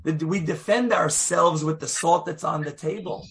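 A man teaching a lively Torah class, emphatic and acting out the voices in the text. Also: a little high, normal speed, creaky. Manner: animated, emphatic, acts out voices and quotes.

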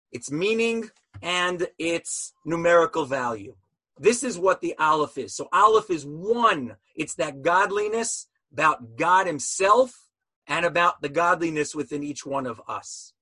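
A man's voice: a little high, pushed and bright, breathy edge, dry recording, low-quality recording. A man teaching an online class about Hebrew letters in a passionate style, full of rhetorical questions, heard over a video call.

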